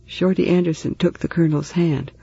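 A man reading a story aloud in steady, even narration. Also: a little high, a little fast, creaky, husky, no echo, lo-fi sound. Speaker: audiobook narrator. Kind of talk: scripted narration.

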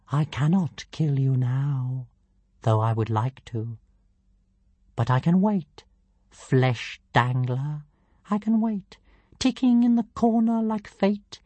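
A woman plays a minuscule male dragon who calls himself a living god, all squeaky grandeur and scorn. His voice sits very high and leaps about wildly, with a breathy edge. It is a bone-dry storybook reading. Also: darkish tone, no echo. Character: tiny arrogant male dragon, pompous self-styled god. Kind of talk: audiobook character voice.

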